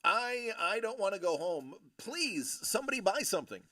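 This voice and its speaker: A man's voice: high-pitched, sing-song, moderate pace, sharp tone. A man hosting a card-breaking livestream, rambling and joking with his audience in casual banter. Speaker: livestream host breaking trading cards. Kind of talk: casual chat with a live audience.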